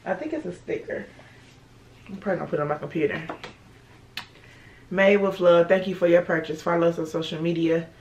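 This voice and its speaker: A woman's voice: lowish voice, slight background noise. A young woman chatting casually and bluntly in a vlog, swearing freely. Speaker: vlogger.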